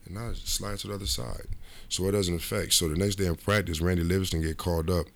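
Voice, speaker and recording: A man's voice: deep voice, quick pace. A middle-aged man, a former basketball player, tells stories from his career in a casual interview, rambling and restarting his sentences. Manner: rambling, repeats and restarts, lively quoted asides.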